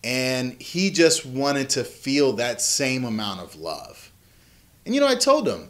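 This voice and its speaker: A man in his thirties talks earnestly about a family moment, his voice sitting at an ordinary middle pitch. He speaks candidly and reflectively, like a father speaking straight to his viewers. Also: sing-song, slow. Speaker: vlog host, father. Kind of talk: reflective personal story to camera.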